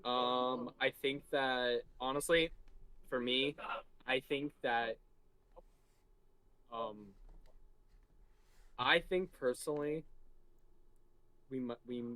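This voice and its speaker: A man's voice: medium pitch, a bit bright, no echo. A man answering post-match interview questions as an esports player, hesitant and often restarting his sentences. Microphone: desk mic.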